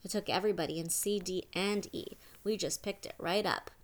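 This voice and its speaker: A woman's voice: lowish voice, a little fast, close to an everyday voice. A woman voicing an awkward, sheepish teenage boy who talks in an offhand way.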